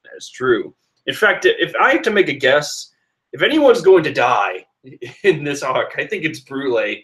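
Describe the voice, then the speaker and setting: A man casually reading and reacting to a comic chapter, animated and rambling with restarts. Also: on the high side, unhurried.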